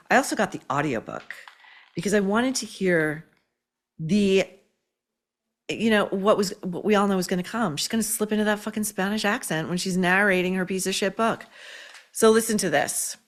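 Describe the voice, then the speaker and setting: A woman hosting a commentary show, scathing and sarcastic as she tears into her subject. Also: mid-range voice. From United States. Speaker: host. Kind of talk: opinionated commentary.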